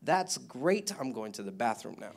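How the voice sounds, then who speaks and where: A man's voice: medium pitch, sing-song, unhurried, creaky. A man giving a rambling testimony at a church service, laughing often and restarting his sentences. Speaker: mission trip member giving testimony.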